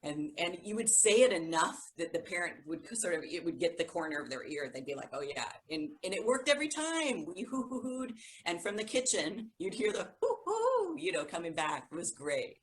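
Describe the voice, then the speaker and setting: A woman's voice: on the low side, sing-song, a little fast, few pauses, a little hiss or hum, poor audio. A woman co-hosting a music education podcast, talking enthusiastically about teaching and demonstrating sounds. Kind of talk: casual chat.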